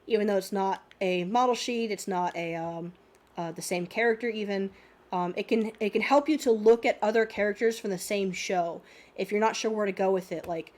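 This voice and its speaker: A young woman with a slightly congested, sniffly voice walks through student drawings in an unscripted art lesson. She talks at a middle pitch, chatty and encouraging, full of ums and restarts. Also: normal speed, darkish tone. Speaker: art teacher.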